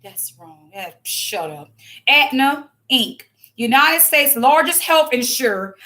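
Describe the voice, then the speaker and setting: A woman's voice: high-pitched, sharp tone. A woman giving fiery religious commentary in a vlog, blunt and scolding, preaching at her viewers with frequent restarts. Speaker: online commentator.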